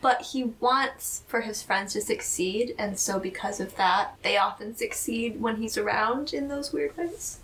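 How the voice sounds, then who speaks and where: A woman's voice: on the high side, measured pace, few pauses. A woman co-hosting a podcast, recapping a TV episode in casual chat and laughing often. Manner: animated storyteller, laughs often. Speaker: podcast co-host.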